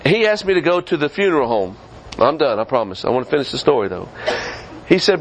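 A man preaching a sermon as pastor of a church, swinging from quick high rises down to low, slow stretches. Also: sing-song, slight background noise, low-quality recording. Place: church sanctuary.

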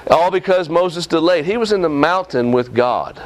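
A man's voice: a little high, animated, normal speed. A male preacher, preaching a sermon in a folksy, scolding way and often asking the congregation questions.

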